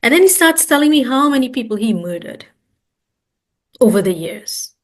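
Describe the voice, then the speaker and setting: A woman's voice: fairly high pitch, very animated, normal speed. A woman guest giving an earnest, emphatic personal testimony and repeating words for stress. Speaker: interview guest.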